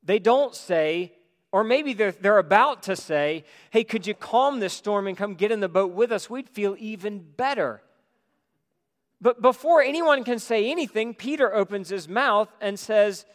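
A man delivers a sermon in a slightly raised voice, his words ringing out with a long hall reverb. He swings between emphatic, loud preaching and soft, hushed reflection. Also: sits high, animated, unhurried. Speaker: pastor.

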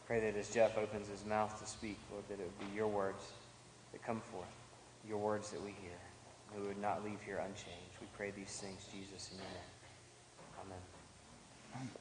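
A man leading a solemn spoken prayer, his low and flat voice heard from some distance in a roomy hall. The room's ambience hums clearly behind him. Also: moderate pace, pauses often, background noise. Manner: solemn, reverent. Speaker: prayer leader.

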